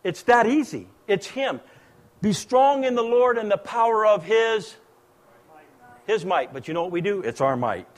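Pastor, male, middle-aged, from the US, high voice, impassioned sermon delivery that rises loud then drops to a hush. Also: animated, normal speed. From United States. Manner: impassioned, swings between loud exhortation and hushed quoting.

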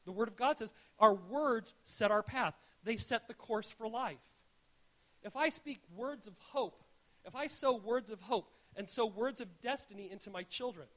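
A man with a notably high voice delivers a sermon to his congregation. He speaks earnestly and tells stories as he goes, and his phrases often stumble and restart. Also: normal speed, fairly bright tone. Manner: earnest, storytelling, frequent restarts. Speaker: pastor. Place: church.

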